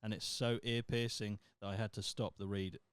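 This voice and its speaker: A man co-hosting a casual podcast, reading a listing aloud with mocking, deadpan asides. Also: lowish voice, moderate pace, clean tone, no echo. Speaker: podcast co-host.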